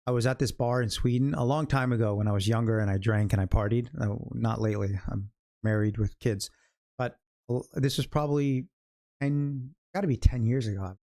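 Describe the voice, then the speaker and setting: A man's voice: mid-range voice, fairly even intonation, a little fast, warm tone. A middle-aged American man from California, talking casually on a trading livestream. He chats loosely and jokes as he goes, wanders off into stories, and chuckles at his own asides. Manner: chatty, jokey storyteller, laughs at own stories. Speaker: day-trading livestream host.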